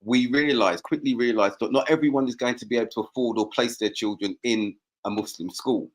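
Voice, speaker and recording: Measured man, earnest co-host. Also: mid-range voice. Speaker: podcast co-host. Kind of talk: casual discussion.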